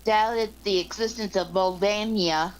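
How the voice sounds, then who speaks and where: A woman reading a text aloud on a casual stream, halting and restarting as she goes. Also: mid-range voice, fairly even intonation, low-quality recording.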